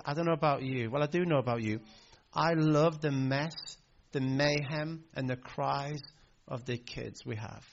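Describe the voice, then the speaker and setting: A man in his thirties or forties preaches a heartfelt sermon with a gravelly edge to his voice. He tells a story with many hesitant fillers. The recording sounds dull and lo-fi. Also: a little high. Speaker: pastor.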